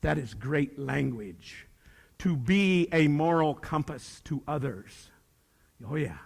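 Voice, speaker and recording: An older man with a fairly high voice speaks to a crowd of students. He is emphatic and joking, and he drives his points home with repeated phrases. His words ring out with a long hall reverb behind them. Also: animated, takes it slowly, gravelly, breathy edge. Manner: emphatic, joking, preacher-like repetition. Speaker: motivational speaker. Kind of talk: speech to a youth leadership audience.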